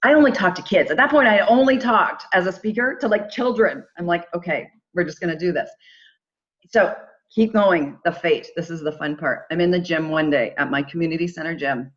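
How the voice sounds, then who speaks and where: A middle-aged woman tells a personal story as a podcast guest. She talks in a lively, animated way and slips into quoted voices for the people in it. The recording sounds dull and lo-fi. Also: fairly low pitch, moderate pace. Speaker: podcast guest, charity founder. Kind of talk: casual storytelling.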